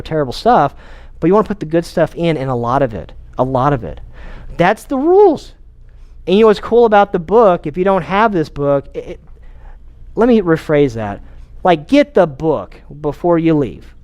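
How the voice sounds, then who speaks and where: A man, likely a chiropractor, giving a casual and energetic health talk to an audience, with frequent repeats and restarts. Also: high-pitched, smooth. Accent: Texan. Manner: energetic, conversational, repeats himself.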